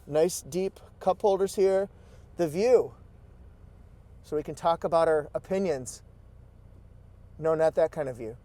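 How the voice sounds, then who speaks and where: A man giving a casual, excitable walkaround review from inside a pickup truck cabin, exclaiming and repeating phrases playfully. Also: fairly high pitch, a little slow, pauses often. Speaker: car reviewer.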